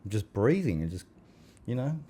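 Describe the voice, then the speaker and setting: A podcast guest in his 40s speaks in a casual chat with a lowish, mellow, slightly rough voice that has a sing-song lilt at a normal speed. He's blunt and profane, acting out the quoted conversations in his stories.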